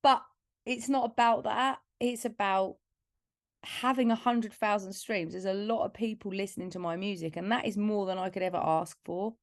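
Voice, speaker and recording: A woman's voice: medium pitch, fairly even intonation, moderate pace, dry recording, clean studio sound. A woman from Essex, England, a singer-songwriter guest talking candidly and from the heart in a casual podcast interview, with lots of "like". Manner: candid, heartfelt storytelling with filler "like".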